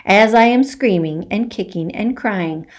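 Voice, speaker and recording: A woman teacher reading a children's book aloud for virtual story time, slow and expressive. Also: medium pitch.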